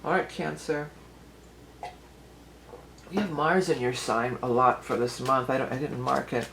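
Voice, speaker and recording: A woman's voice: a bass voice, steady tone, unhurried, creaky, fairly bright tone, slight background noise, rough recording. A woman giving a casual tarot and astrology reading for her viewers, chatty and rambling, often restarting her sentences and laughing easily.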